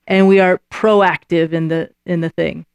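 A woman's voice: fairly low pitch, steady tone, unhurried, creaky, darkish tone, clear, resonant tone, dry recording. A woman preaching a sermon in a conversational way, often acting out little voices and dialogues and checking in with her listeners by asking "Right?".

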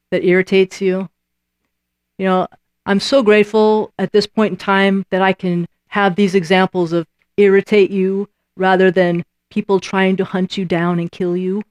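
A woman preaching a sermon, lively and emphatic, acting out the voices she quotes and repeating lines for emphasis. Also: mid-range voice, dry recording.

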